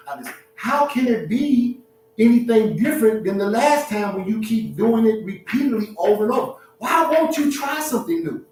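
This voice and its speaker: A man hosting a relationship talk, giving blunt, preachy advice to an audience in an animated, streetwise way, laughing at his own points. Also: high voice, normal speed, very echoey, distant mic, slight background noise, poor audio.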